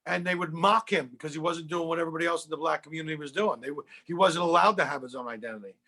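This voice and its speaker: A man's voice: on the high side, racing, bright, forceful tone. A middle-aged man from Philadelphia, a comedian, rambling through profane rants in a podcast conversation. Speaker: comedian guest.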